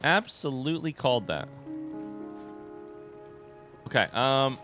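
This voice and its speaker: Man, let's play host, gameplay commentary, very animated pitch, faint game music behind. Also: slow. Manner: excitable, animated, self-mocking.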